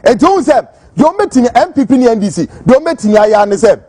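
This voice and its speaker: A Ghanaian man delivering fiery political commentary as a host. His voice sits high and swings widely as he rants. The tone is mellow but husky, recorded close and dry. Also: big pitch swings, brisk, no room sound. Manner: fiery, emphatic ranting; switches between Twi and English.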